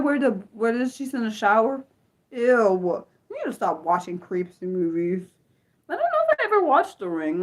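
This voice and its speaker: A young woman hosting an unscripted livestream, chatting to her viewers with animated restarts and repeated exclamations, easily spooked. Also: medium pitch. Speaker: livestream host. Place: her room.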